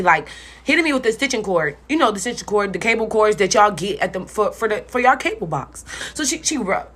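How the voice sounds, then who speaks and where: A woman's voice: mid-range voice, fairly bright tone. A young woman telling a personal story in a casual storytime vlog, blunt and profane, talking straight to her viewers.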